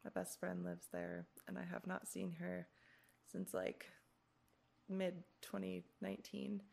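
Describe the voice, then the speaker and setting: A woman hosts a relaxed podcast, drifting from thought to thought in a self-deprecating, mildly stoned way. Her voice is full of heavy, gravelly fry, and she swears casually as she talks. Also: on the low side, measured pace. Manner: loose, rambling, self-deprecating, curses casually. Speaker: podcast host.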